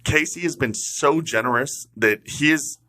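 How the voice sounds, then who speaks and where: A man's voice: mid-range voice, measured pace, pushed and bright. A man co-hosting a casual podcast chat, talking in an upbeat, salesy, motivational way. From Texas. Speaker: podcast co-host.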